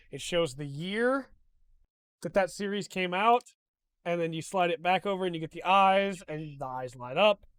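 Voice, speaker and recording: A man with a high, smooth voice talks through a show he loves, gushing and getting openly emotional as he retells it. The sound is dry and close, with no room around it. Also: a bit bright, no echo. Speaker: host. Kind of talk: casual review monologue.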